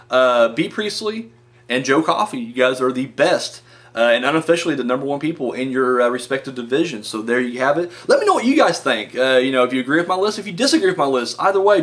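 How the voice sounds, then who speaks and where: A wrestling review vlogger hosts a casual countdown, rambling and joking with frequent fillers and correcting himself as he goes. His voice is fairly high and a bit bright.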